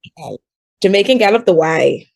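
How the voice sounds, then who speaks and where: Chatty Bahamian woman with a gravelly edge. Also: mid-range voice, expressive, darkish tone. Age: 20s. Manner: chatty, fast, laughs while telling stories. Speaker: guest calling in. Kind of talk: casual chat.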